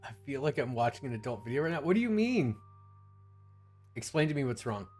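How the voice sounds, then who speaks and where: Male streamer, casual rambling chat, mid pitch, faint music behind. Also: big pitch swings, a little fast, a little mellow. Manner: rambling, restarts often. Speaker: streamer host.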